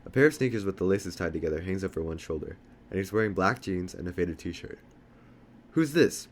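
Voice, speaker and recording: Male audiobook reader, low voice, straightforward first-person narration. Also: fast talker, slight background noise. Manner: plain first-person storytelling. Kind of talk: reading a novel aloud.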